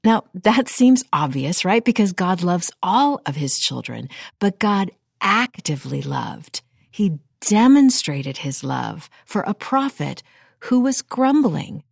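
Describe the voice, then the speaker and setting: A woman's voice: fairly low pitch, dry recording, studio quality. A middle-aged woman reading a Bible story aloud with expression, then teaching and praying, inviting listeners to repeat after her. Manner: earnest, expressive reading with call-and-response. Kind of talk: devotional Bible reading and prayer.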